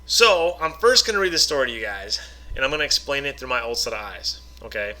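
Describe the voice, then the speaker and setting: With an animated, quick delivery and a sharp, medium-pitched voice, a man gives a casual Bible lesson to camera as an online teacher. He reads passages aloud before explaining them informally, peppering his talk with "okay?" and "right?"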